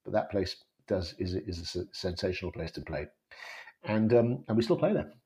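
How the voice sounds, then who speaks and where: A Welsh guitarist in a band, appearing as an interview guest, speaks fairly quickly in a low, mellow, expressive voice. He chats casually and rambles, with many restarts and fillers.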